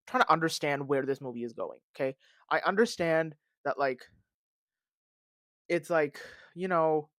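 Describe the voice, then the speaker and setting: A man hosting a podcast, talking in a casual, animated and dramatic rant full of fillers and recorded on a phone. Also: on the high side, dry recording, studio quality. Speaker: podcast host. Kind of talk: casual ranting commentary.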